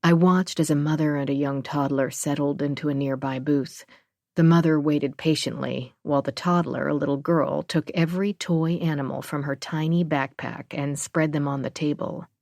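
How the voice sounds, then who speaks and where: A woman narrating a suspense audiobook in the first person, steady and unhurried. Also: low voice, gravelly, no room sound, clean studio sound.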